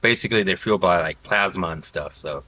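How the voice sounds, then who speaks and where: A man's voice: deep voice, fast, sharp tone, lo-fi sound. A man hosting a casual podcast chat, rambling through stories with lots of fillers. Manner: rambling, filler-heavy storytelling. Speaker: podcast host.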